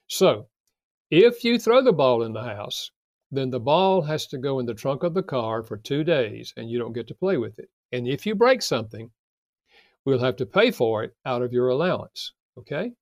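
An older man, a guest author, calmly explaining parenting advice with everyday examples in an interview. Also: mid-range voice, no room sound, clean studio sound. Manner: calm, measured, explains with examples.

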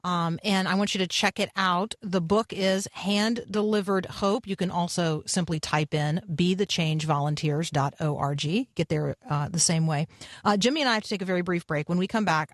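Low-voiced female radio host, dry sound. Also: moderate pace, no room sound. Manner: conversational, friendly plugs and prompts. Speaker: radio talk show host. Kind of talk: radio interview hosting.

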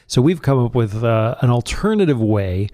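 Mellow-voiced man co-hosting a chat. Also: medium pitch, very animated, normal speed, dry recording, clean studio sound. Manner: speaks plainly, restarts mid-phrase. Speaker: podcast co-host. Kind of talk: casual chat about marriage.

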